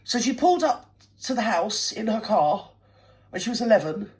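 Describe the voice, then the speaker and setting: A woman's voice: mid-range voice, expressive, normal speed, darkish tone. A woman hosting a reaction video, scolding and sarcastic in blunt ranting commentary. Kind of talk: ranting commentary over a clip.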